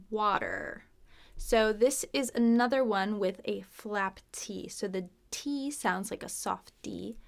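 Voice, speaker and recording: A woman with a General American accent teaching pronunciation, patiently repeating sounds and words slowly and clearly. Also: medium pitch. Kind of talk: slow pronunciation lesson with repeated model words.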